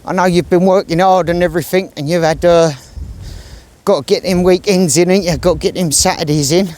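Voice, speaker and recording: A man's voice: high voice, fairly even intonation, brisk, darkish tone. A man chatting casually and rambling in slang while filming himself on an outdoor country walk. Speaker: vlogger. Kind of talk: casual outdoor vlog chat.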